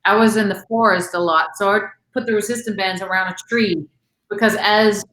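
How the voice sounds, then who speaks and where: A woman talks casually as an interview guest, chatty and full of fillers and quick laughs. Her voice sits at an ordinary pitch. The room around her rings with echo. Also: steady tone, fairly bright tone. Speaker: guest actress and recording artist.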